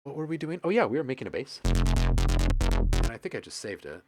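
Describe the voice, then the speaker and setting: A man's voice: low-pitched, moderate pace, gravelly. A man hosting a live music-production stream, talking casually and enthusiastically while he works and reads out chat comments. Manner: relaxed, enthusiastic, reads chat aloud, thinks out loud. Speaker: livestream host and music producer.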